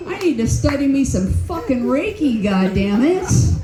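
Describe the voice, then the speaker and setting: A woman's voice: sits high, very animated, a little slow, hardly any pauses, noisy background. Blunt, profane older woman comic. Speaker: stand-up comedian. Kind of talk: stand-up comedy set. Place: comedy club stage. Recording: roomy club echo.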